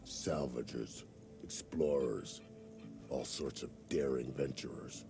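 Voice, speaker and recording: An extremely deep, gruff male scout. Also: takes it slowly, music in the background, full character voice. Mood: steady.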